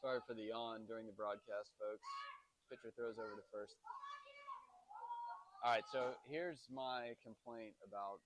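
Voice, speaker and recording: A man with a Texan accent calling a youth baseball game, chatting with viewers and getting louder on big plays. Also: fairly low pitch, steady tone, unhurried, pauses often, slight background noise. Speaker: youth baseball play-by-play announcer. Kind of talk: casual play-by-play commentary. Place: outdoor youth baseball field.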